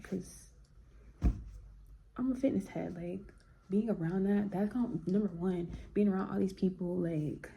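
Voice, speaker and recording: A woman vlogger talking in a relaxed, slangy, reflective way. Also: on the low side, gravelly, slight background noise. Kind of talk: casual chat.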